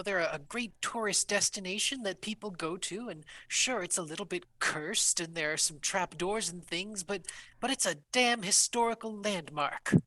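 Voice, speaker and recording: A woman's voice: mid-range voice, a bit bright, no echo. Woman playing a scolding old granny adventurer. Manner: scolding, indignant. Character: indignant elderly grandmother adventurer.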